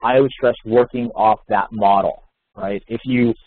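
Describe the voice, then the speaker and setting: A man presenting a live software demo webinar, walking through steps conversationally with many fillers and restarts. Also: fairly low pitch, steady tone, moderate pace, no echo. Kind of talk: live product demo walkthrough. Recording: tinny phone-line webinar audio.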